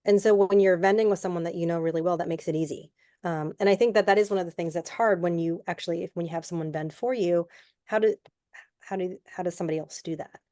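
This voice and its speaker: A woman's voice: lowish voice, steady tone, fast talker, mellow, dry recording, studio quality. A woman guest artist talking casually on an online panel, chatty and rambling, with lots of filler words.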